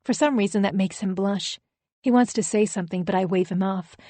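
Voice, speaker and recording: A woman narrating a first-person thriller audiobook in an even, wry storytelling manner. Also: medium pitch, brisk, no room sound.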